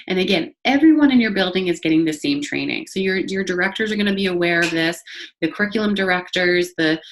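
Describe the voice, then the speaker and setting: A woman giving a recorded training talk to childcare staff, speaking conversationally to the camera with many fillers and restarts. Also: fairly low pitch. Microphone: facing the camera.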